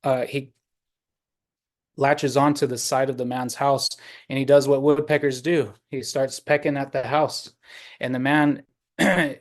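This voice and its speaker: A man telling a traditional story to an online audience, unhurried, with many pauses and fillers. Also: mid-range voice. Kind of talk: oral storytelling. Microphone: video call.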